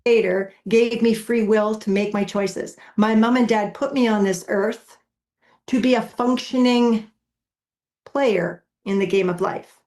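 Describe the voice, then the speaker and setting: A woman guest speaking earnestly and emotionally, with halting, self-correcting speech. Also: mid-range voice, steady tone, a little mellow. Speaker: guest on a show. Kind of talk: emotional personal talk.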